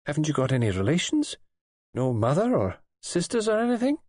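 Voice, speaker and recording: A placid young nurse, put on by a male audiobook reader, gently reproving and soothing, her voice lifted well above his own. She speaks with husky softness in a dry, close recording. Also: a little high, wildly swooping pitch, a little fast, dry recording, pitched above the performer's own voice. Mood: earnest. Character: young red-haired female nurse, kindly, placid, indulgent.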